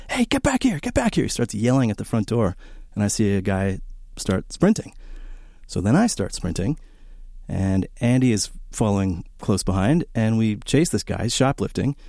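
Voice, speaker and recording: A man talks on a college radio show in a low, mellow voice. He rambles happily between records with plenty of "uh"s. His voice sounds dry and close in a small studio. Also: normal speed, gravelly, dry recording. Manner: rambling and enthusiastic, many fillers, animated storytelling. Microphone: studio broadcast microphone.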